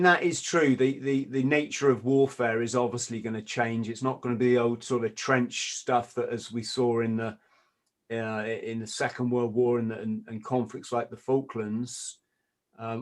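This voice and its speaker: A man hosting a podcast in casual discussion, often stammering and restarting, with sardonic asides. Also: medium pitch. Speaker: podcast host.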